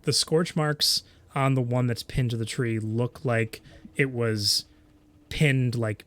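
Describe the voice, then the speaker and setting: Male game master, halting descriptive narration, home mic. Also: mid-range voice, fairly bright tone. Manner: halting, filler-heavy description.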